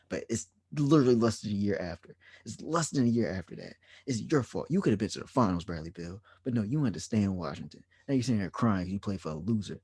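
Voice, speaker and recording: A man's voice: medium pitch, animated, fairly quick, mellow, husky, dry recording. A man co-hosting a sports podcast, ranting in an exasperated, repetitive way. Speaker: podcast co-host. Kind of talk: heated sports podcast rant.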